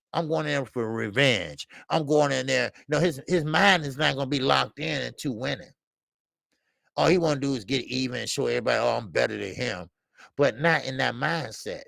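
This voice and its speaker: A man hosting a casual boxing talk stream, animated and profane, rambling through stories, laughing and answering the chat. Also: medium pitch, vocal fry, no room sound, studio quality. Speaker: boxing talk show host. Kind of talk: casual live-stream commentary.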